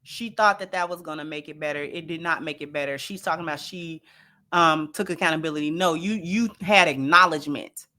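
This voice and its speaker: A woman's voice: deep voice, fairly quick, pushed and bright. A woman hosting an opinionated commentary show, speaking emphatically and repeating lines for effect. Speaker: commentary channel host.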